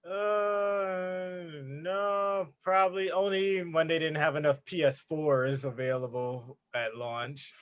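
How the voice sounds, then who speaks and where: A man co-hosting a gaming podcast, telling a story in an animated, casual way with plenty of swearing. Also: on the high side, slow pace, few pauses, smooth. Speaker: podcast co-host. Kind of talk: casual chat. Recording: dull lo-fi audio.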